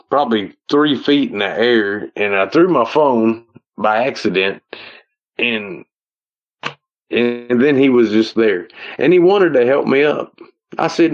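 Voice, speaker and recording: A man with an Ozark Southern accent telling a personal story in a rambling, folksy way, repeating himself as he goes, heard over a phone call. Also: mid-range voice. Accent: Ozark Southern American. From Ozark Mountains, United States. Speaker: guest telling a personal encounter. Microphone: phone call audio.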